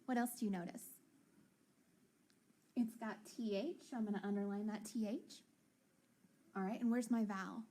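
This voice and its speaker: A woman teaching a phonics lesson in an upbeat, encouraging way, sounding out letters slowly. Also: mid-range voice, fairly even intonation, mellow.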